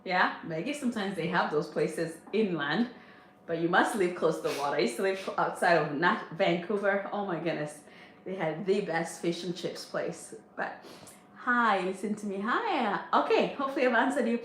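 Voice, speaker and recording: Cooking in an echoey kitchen with faint noise, this middle-aged livestream host and mother of a big family chats away, reads out viewer comments, and laughs frequently. She speaks at a medium pitch with lively intonation and a moderate pace.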